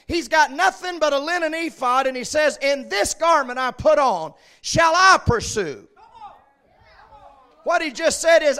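A man preaching a sermon, swinging between shouted peaks and quiet asides. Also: very high voice.

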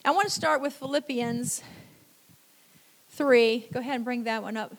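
A middle-aged woman with a high voice preaches a sermon. She tells it like a chat with the congregation, dropping in "you know" often. She slows down and repeats key phrases to drive them home. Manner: conversational storytelling with frequent "you know".

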